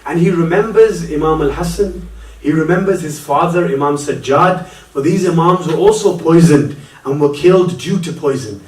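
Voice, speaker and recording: A man's voice: on the high side, normal speed, darkish tone. A man preaching a Muharram sermon, telling a story with mounting passion that swells into lament. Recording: echoey hall, voice from a distance.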